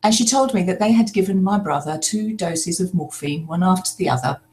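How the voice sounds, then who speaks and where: An older woman telling a personal story in a slow, reflective way, pausing often as she speaks. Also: on the low side, lively intonation, a little mellow. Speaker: spiritual speaker.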